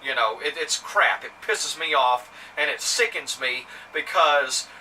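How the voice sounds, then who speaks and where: With a sharp tone and a slightly high pitch, this Mississippi man keeps a measured pace as he tells a story to camera. The Southern-accented vlogger rambles indignantly, with lots of filler words and restarts. The mic is somewhat distant and picks up faint ambient noise.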